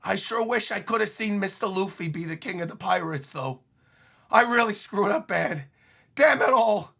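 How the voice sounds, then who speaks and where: A man doing a rough-spoken, remorseful pirate captain. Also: high-pitched, expressive, normal speed, fairly bright tone, exaggerated voice. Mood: resigned. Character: humble brash male pirate captain.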